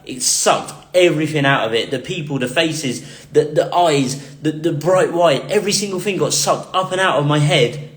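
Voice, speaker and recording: A man's voice: on the high side, moderate pace. A man earnestly telling his own story to camera, repeating words for emphasis. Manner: earnest, repetitive emphatic phrasing. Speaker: vlogger recounting a near-death experience. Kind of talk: emotional personal storytelling. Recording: roomy echo.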